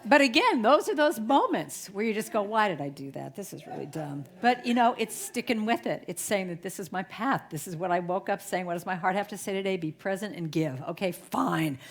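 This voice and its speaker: Middle-aged woman, guest speaker, animated and chatty storytelling sermon. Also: medium pitch, fairly quick, hardly any pauses. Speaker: guest speaker at a spiritual center.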